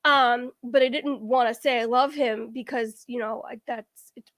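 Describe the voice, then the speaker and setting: A woman's voice: fairly high pitch, steady tone, moderate pace, fairly bright tone, no echo, clean studio sound. A woman guest on a casual game-show chat, telling a long, winding story. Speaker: guest contestant.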